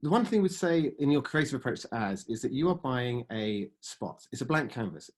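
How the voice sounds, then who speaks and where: A man in his forties giving a business presentation on podcast advertising, pitching products with frequent fillers and sentences that trail off. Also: lively intonation, fairly quick, a little mellow. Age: 40s. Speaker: ad sales presenter.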